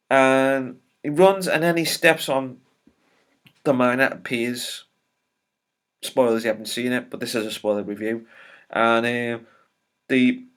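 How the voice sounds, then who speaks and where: A man's voice: medium pitch, a bit bright. Rambling, opinionated male TV reviewer. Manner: rambling, with many filler ums and restarts; opinionated and exasperated. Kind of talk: casual spoiler review.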